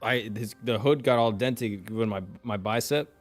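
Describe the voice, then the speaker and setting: A young man with an ordinary mid-range voice, relaxed and a little halting. He laughs easily and stumbles over his words as he tells his side of the story in casual chat. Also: mid-range voice, faint music behind. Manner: laid-back, laughs often, halting.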